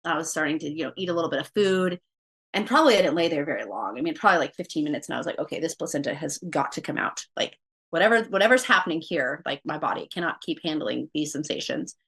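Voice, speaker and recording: A woman's voice: sits low, expressive, quick pace, creaky, fairly bright tone. A woman guest on a podcast, telling a personal story casually and quoting her own thoughts aloud with many fillers.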